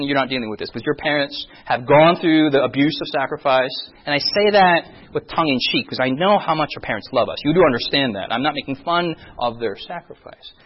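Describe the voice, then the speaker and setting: A man's voice: a little high, slightly rough, dull audio. A man in his thirties, a pastor, giving a sermon-style presentation and often asking the audience questions, with self-mocking humor. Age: 30s.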